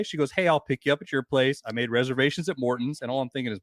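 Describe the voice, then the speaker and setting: Podcast guest, man in his forties, rapid profane storyteller, dry recording. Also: medium pitch, a bit bright, dry recording. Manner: profane, rambling anecdotes with quoted voices.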